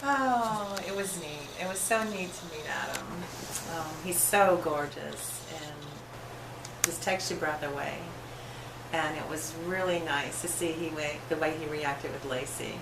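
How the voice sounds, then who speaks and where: A woman's voice: low voice, a little slow, gravelly, echoey room, background noise. A woman in casual chat, gushing sweetly as she talks. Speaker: concert-goer.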